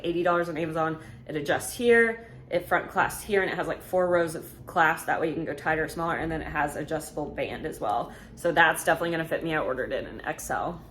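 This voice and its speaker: In her 20s, a vlogger answers questions in a casual Q&A with a low, fairly bright voice. She's frank and chatty with plenty of fillers, slightly out of breath, over a faint hiss or hum.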